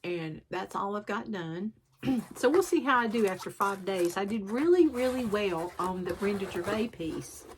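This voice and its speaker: Chatty woman clearing her throat. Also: mid-range voice, animated, normal speed, a little hiss or hum. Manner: rambling, self-deprecating, frequent throat clearing. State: sore throat, sucking a cough drop. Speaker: cross-stitch vlogger. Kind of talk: chatty show-and-tell vlog.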